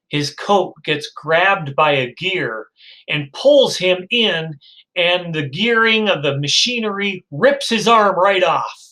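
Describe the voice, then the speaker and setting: A man's voice: on the high side, sharp tone, low-quality recording. A male lecturer telling a story to his class, acting out the characters in quotes, with frequent fillers and restarts. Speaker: psychology lecturer.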